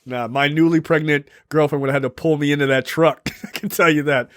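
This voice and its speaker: A young man co-hosting a casual film review podcast, animated and quick to laugh as he acts out scenes. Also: on the high side, no echo, clean studio sound. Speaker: podcast co-host.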